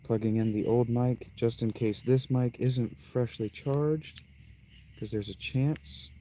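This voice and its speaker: A man's voice: medium pitch, steady tone, takes it slowly, dark tone, slight background noise. A man giving casual, rambling gaming commentary, cursing often and talking to himself. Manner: profane, rambling, talks to himself. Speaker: let's play streamer. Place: tent. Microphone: clip-on mic.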